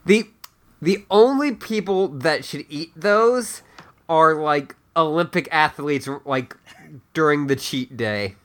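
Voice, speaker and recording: Casting: woman podcast co-host, lively pitch, dry halting jokes. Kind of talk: casual chat.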